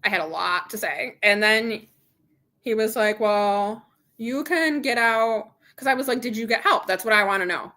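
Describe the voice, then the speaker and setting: A middle-aged woman hosts a casual live chat with her viewers. Her voice is bright and forward, sitting at an ordinary pitch for a woman. She talks candidly, retelling an argument with plenty of quoted back-and-forth. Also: moderate pace. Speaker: channel host.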